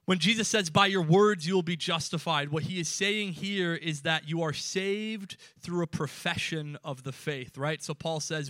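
A man delivers a sermon with emphatic, rising phrases that fall to hushed endings. His voice is bright and a little high. The recording is dry and close. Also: no echo. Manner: emphatic preaching with sudden drops to quiet. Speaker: pastor.

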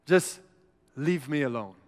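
A man's voice: fairly high pitch, lively intonation, slow, in a large hall. A man voicing a reluctant, whiny shepherd who pleads to be left alone.

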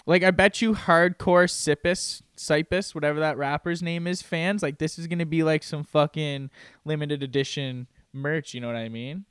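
A man co-hosts a laid-back comedy podcast, rambling with many fillers and laughing frequently. His voice is on the high side, fairly even, normal in pace, and a bit bright, clear, and resonant, recorded in clean studio sound with no room echo.

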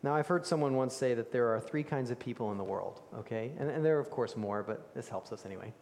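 Preacher in an echoing hall. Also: male voice, mid-range voice, quick pace, gravelly. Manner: storytelling preacher, animated, drops to hushed tones for emphasis. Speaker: pastor. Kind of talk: sermon. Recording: reverberant hall.

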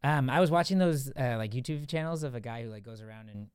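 A man's voice: medium pitch, fast talker, a little mellow, smooth, no echo. A man hosting a casual podcast in a tiny studio, rambling with plenty of fillers and restarts. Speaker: podcast host.

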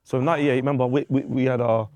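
A man's voice: mid-range voice, fairly even intonation, fast, mellow, dry recording, lo-fi sound. A man co-hosting a football podcast, reading a segment link and chatting casually. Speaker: co-host. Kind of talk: casual chat.

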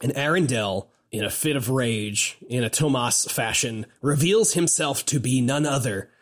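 A man co-hosting a casual podcast, recapping a video game in an excitable, rambling way with lots of fillers. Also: mid-range voice. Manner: rambling, excitable, quick asides and frequent fillers. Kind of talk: casual chat.

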